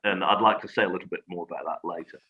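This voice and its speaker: A man speaking as a guest in a reflective conversation, measured and thoughtful, pausing on fillers. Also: deep voice, steady tone, sharp tone, slightly rough. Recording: dull lo-fi audio.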